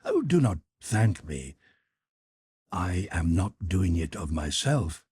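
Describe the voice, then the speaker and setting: A man's voice: sits low, sing-song, slow pace, a little mellow, breathy edge, no room sound, heavily acted. A man voicing a pious, ecstatic older countess who consoles in a fervent, preaching manner. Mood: consoling. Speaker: character in audiobook.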